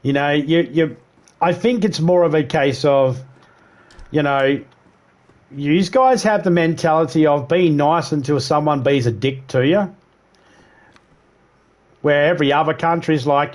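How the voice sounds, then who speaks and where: A man's voice: fairly high pitch, unhurried, pauses often. An Australian man livestreaming, chatting casually with viewers in a rambling way, swearing freely and mimicking accents. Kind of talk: casual chat.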